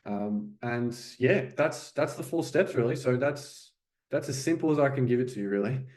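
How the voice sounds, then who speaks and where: A man coaching language learners in a loose, conversational monologue, often checking in with "okay?" and "right?". His voice sits at an ordinary middle pitch for a man. The room around him is noticeably echoey. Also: normal speed, a little mellow. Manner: conversational, frequent fillers like "okay" and "you know". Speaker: French coach.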